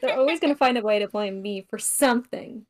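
A woman's voice: a little high, brisk. A woman co-hosting a podcast in casual chat, teasing and mock-indignant. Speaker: podcast co-host.

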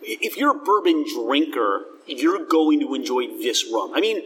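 A man's voice: fairly high pitch, big pitch swings, normal speed, fairly bright tone, recorded from a distance, a little hiss or hum. A man hosting a casual tasting chat, talking enthusiastically and descriptively in a rambling way. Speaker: host. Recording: long hall reverb.

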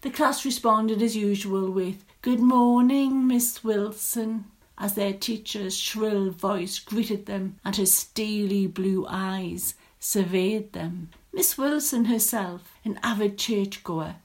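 A woman reading a story aloud in a measured, descriptive storytelling manner. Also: mid-range voice.

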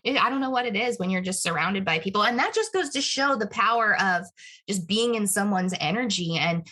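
A young woman in casual chat, bubbly and quick to laugh. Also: mid-range voice, animated, bright, forceful tone, husky.

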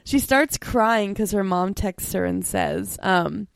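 A young woman co-hosting a casual chat, talking fast with lots of "like" and little laughs. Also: mid-range voice, creaky, clear, resonant tone, no echo, studio quality. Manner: chatty, quick, full of "like" and little laughs. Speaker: co-host.

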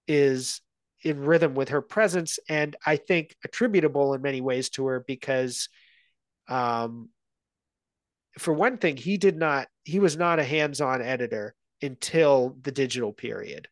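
A man's voice: medium pitch, measured pace, no room sound. Man, guest film analyst, thoughtful and rambling delivery, dry close sound. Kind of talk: casual conversation.

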